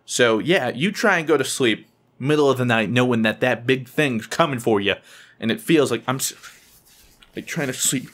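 Speaking at normal speed, a young man animatedly shares a funny story on camera, breaking into squeaky high voices when quoting others.

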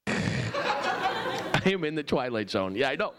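A man's voice: fairly high pitch, wildly swooping pitch, slow pace. A male stand-up comedian teasing the audience with crude banter on a club stage. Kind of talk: crowd work stand-up. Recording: loud laughing crowd and noisy club. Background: audience laughter.

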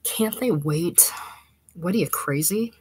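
A woman reading the part of an anxious young bride-to-be who speaks softly and pleads with her fiancé. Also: on the low side, moderate pace, husky, no room sound.

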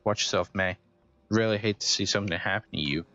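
A man voicing a stern, weary woman police officer in a video game, reading her lines in a flat, grave way. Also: on the low side, fast talker, slight background noise. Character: adult female cop, stern and weary. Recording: dull dry game capture with music.

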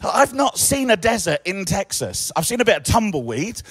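An English man in his forties warms up a live audience as the event emcee. He tells jokes and stories in an animated, chatty way, in a voice that sits a little higher than most men's. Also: moderate pace, slightly rough, no room sound. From England. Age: 40s. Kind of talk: lively stage talk to an audience.

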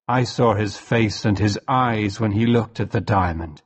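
Slow, low-voiced male story narrator. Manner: slow and clear, for language learners. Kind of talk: graded-reader story narration.

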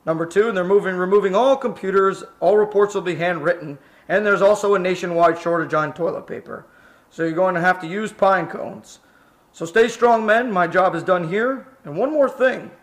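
A man's voice: high-pitched, normal speed, close to an everyday voice. A synthetic man as a pompous station commander. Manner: pompous, demanding respect. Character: pompous one-eyed fire station commander.

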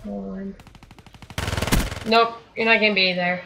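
A young woman giving live commentary over her own shooter gameplay, muttering in frustration and breaking into excited outbursts. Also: mid-range voice, measured pace, vocal fry, background noise. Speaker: gaming commentator. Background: gunfire from the game.

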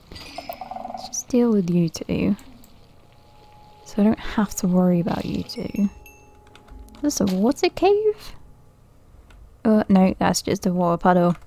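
A woman's voice: mid-range voice, dark tone, slight background noise. A woman giving casual let's-play commentary, thinking aloud nervously, often laughing and dropping to a whisper. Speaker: gaming video creator.

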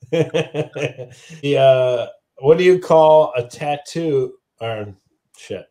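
A man's voice: fairly high pitch, very slow. A man who is a comedian guest, telling jokes in a casual chat and often laughing. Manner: animated storyteller, laughs often.

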